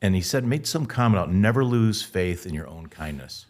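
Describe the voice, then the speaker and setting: A man co-hosting a podcast, chatting in a relaxed, reflective and jokey way. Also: low voice, brisk. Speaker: podcast co-host. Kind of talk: casual conversation.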